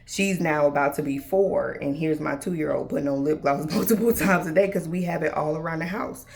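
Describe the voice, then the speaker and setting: A woman's voice: deep voice, brisk, creaky, darkish tone. A woman in her thirties hosting a faith-based talk, casually addressing listeners as y'all and acting out dialogue with God and others. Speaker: podcast host.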